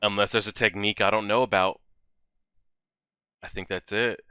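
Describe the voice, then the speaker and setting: Excitable man reacting to anime, bright-toned. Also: fairly low pitch, moderate pace, clear, resonant tone, no echo. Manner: excitable, swears, talks back at the screen. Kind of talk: casual reaction commentary.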